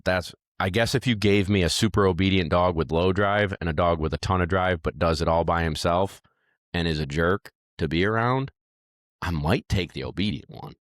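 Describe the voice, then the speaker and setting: A dog trainer guesting on a podcast chats casually in an interview, an animated storyteller who acts out lines as he goes. He has a low voice at normal speed, recorded dry with studio quality.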